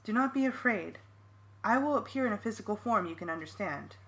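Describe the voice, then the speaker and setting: A woman reading as the Ellimist, a calm ancient being. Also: mid-range voice, fairly quick. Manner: calm, formal and reassuring. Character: ancient glowing male alien being, calm and commanding. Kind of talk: fan audiobook reading.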